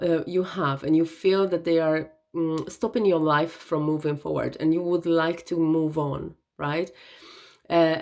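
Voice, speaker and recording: A woman giving an earnest, gentle self-help talk, often checking in with "right?" and "okay?". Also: low voice. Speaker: wellness vlogger.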